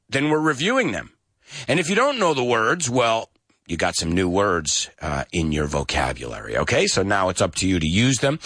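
Animated man hosting an English lesson. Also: lowish voice, no echo, clean studio sound. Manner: animated, spells words slowly letter by letter. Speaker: English teacher and show host. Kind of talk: lively radio-style English lesson.

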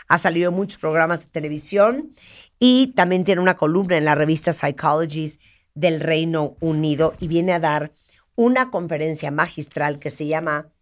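Woman host from Mexico, slightly low voice, teasing and playful with her guest. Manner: playful, teasing, bursts of laughter. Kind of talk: lively talk show chat.

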